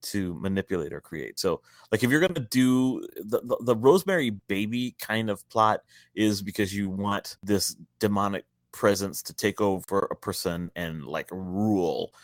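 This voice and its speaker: Man, podcast co-host, lowish voice, blunt, exasperated, laughs often, dry close sound. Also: animated, moderate pace, hardly any pauses, no room sound. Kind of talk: casual film review chat.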